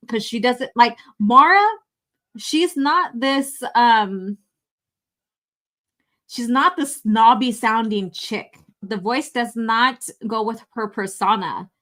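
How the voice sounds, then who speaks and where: A woman's voice: a little high, a bit bright. A woman live-streaming a fan film review, talking casually, laughing and swearing often.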